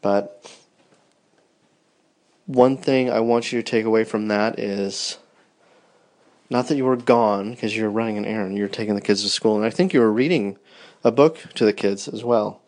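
A man's voice: on the low side, moderate pace, long pauses, darkish tone. A tired man in his thirties, rambling tenderly and yawning as he records a personal podcast for his wife. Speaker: podcast host.

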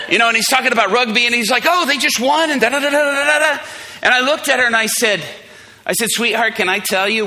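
A man preaching to a congregation, telling a story and acting out the people in it with animated voices. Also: very high voice, quick pace. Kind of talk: storytelling sermon.

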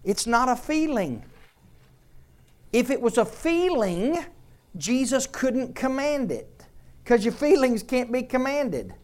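A woman's voice: high-pitched, sing-song, slow, a little mellow. A woman preaching a sermon to her congregation, emphatic and repeating phrases for effect.

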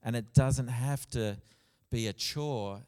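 A man preaching a sermon in a church, earnest, with soft passages and loud emphatic bursts. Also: mid-range voice, slow. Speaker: pastor. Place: church hall. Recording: long church reverb.

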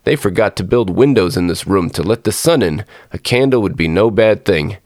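A man's voice: lowish voice, expressive, moderate pace, a little mellow, dry recording, clean studio sound. A man voicing a tiny, bold and playful boy in a storybook reading, with a chirpy, cheeky voice.

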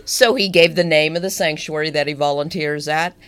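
A young woman co-hosting a casual podcast, her voice sitting a little low for a woman. She talks in an easygoing, chatty way and tells her stories with enthusiasm. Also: steady tone, fairly quick, crowd noise. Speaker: podcast co-host. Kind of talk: casual chat.

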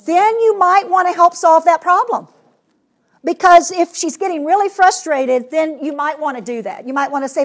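A woman giving a workshop to teachers, animated and acting out children's voices as she explains. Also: very high-pitched, moderate pace. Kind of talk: classroom workshop talk.

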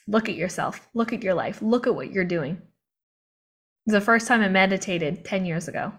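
A woman's voice: mid-range voice, lively intonation, moderate pace, a bit bright, husky. A young woman in live online training mode, impassioned and confiding, talking into a video call mic and laughing often between points. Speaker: motivational coach.

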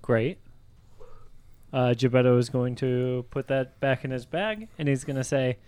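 A man's voice: mid-range voice, a little slow, a little mellow, smooth, no room sound. A man playing a tabletop game, talking in a hesitant way with many fillers. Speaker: player. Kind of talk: casual tabletop play.

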